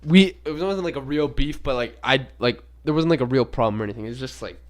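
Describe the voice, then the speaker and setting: A man's voice: mid-range voice, fast talker. Rambling, profane young man. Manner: rambling and profane, heavy use of filler words. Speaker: podcast host. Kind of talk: casual unscripted monologue.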